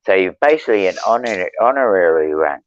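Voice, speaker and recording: A New Zealand man, a stonemason, telling stories in casual chat, with halting restarts and fillers. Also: low-pitched, animated. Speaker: podcast guest, stonemason. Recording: dull lo-fi sound.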